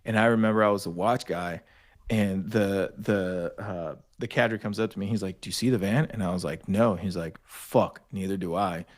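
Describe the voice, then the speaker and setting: Casting: young adult man, low-ish voice, profane animated storyteller, casual podcast guest. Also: moderate pace. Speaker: podcast guest, army veteran.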